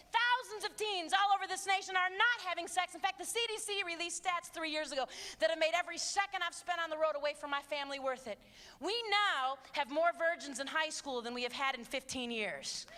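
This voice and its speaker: A woman's voice: very high-pitched, pushed and bright. A woman giving a live motivational talk to teenagers, emphatic and preachy, repeating her key phrases. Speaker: abstinence speaker. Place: large hall with audience. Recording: reverberant live hall with audience.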